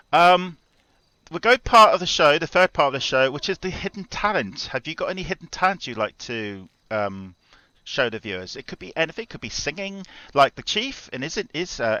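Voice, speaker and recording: Bright-voiced man hosting an interview. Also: medium pitch, no echo. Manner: chatty, formal interviewer phrasing. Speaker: interview show host. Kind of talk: role-play talk show hosting. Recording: dry lo-fi game voice chat.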